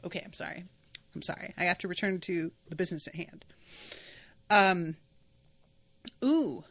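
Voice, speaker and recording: A woman's voice: on the low side, moderate pace, long pauses, a bit bright. A woman hosting a casual book-reaction podcast, talking emphatically and swearing freely as she rants. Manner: ranting, heated. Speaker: podcast host.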